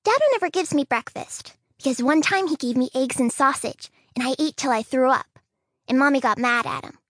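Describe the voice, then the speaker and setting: High-voiced woman reading an audiobook. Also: fairly quick, dry recording, clean studio sound. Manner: childlike first-person reading, soft and quiet. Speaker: audiobook narrator. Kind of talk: scripted audiobook narration.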